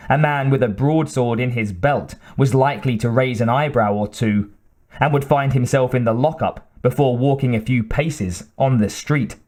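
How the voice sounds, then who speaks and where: A man narrating an audiobook in a measured, dramatic way with deliberate pauses. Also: mid-range voice, darkish tone.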